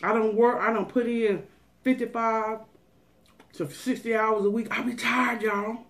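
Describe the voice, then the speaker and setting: A woman's voice: on the high side, steady tone, measured pace. A woman food vlogger chatting casually to her viewers, folksy and preachy, giving them a pep talk.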